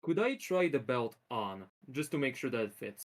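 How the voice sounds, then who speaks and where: A man taking part in a tabletop game as a player, speaking plainly and politely as his character. His voice is of middling pitch and unremarkable tone. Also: big pitch swings, normal speed. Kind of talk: casual tabletop game play.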